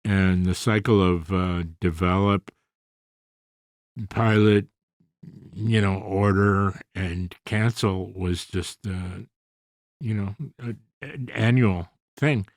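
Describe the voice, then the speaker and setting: A man in his seventies with a very deep voice talks as a guest on a podcast, recorded dry and close. He rambles in an easygoing way, full of small pauses and fillers. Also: no room sound. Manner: relaxed, rambling, many fillers. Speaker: guest, comedy actor. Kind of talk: conversational interview.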